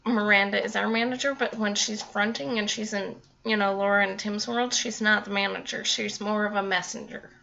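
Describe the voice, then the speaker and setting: Bright-voiced chatty woman vlogger. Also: medium pitch, gravelly, highs cut off, slight background noise. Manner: rambling, chatty, laughs often. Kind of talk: casual talk to camera.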